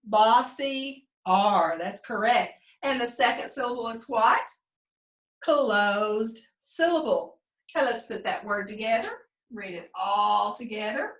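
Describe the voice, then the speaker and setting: A woman teaching a second grade phonics lesson to children, slow and sing-song, stretching out the sounds. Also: on the high side, a bit bright. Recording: echoey room, a bit distant.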